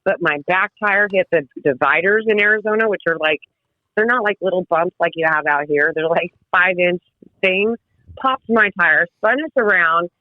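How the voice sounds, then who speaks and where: Lively woman telling stories on a phone line. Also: lowish voice, moderate pace, no echo. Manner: lively, laughing, swearing freely. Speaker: guest. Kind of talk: casual storytelling. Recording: tinny phone-like line, dry.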